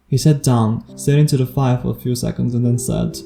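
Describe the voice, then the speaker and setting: A man reading a storybook aloud as audiobook narrator, steady and even. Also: medium pitch, brisk, creaky, few pauses, reverberant, soft background music. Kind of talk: scripted narration.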